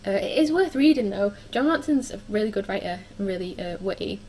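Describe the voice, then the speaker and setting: A woman's voice: medium pitch, lively intonation, brisk, a little mellow, slight background noise, low-quality recording. Chatty young woman reviewing books. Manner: chatty, frequent ums and likes. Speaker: book vlogger. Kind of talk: casual book review chat.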